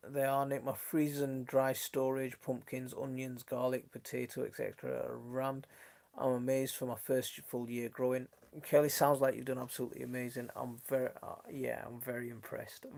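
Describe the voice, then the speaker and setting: A man's voice: medium pitch, steady tone, moderate pace, vocal fry, a little mellow. A man with a mixed Leeds and Sheffield accent hosts a casual gardening live stream on his phone from his kitchen. He chats in a friendly way, reads out viewer comments and trails off into restarts. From Northern England. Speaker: gardening channel host.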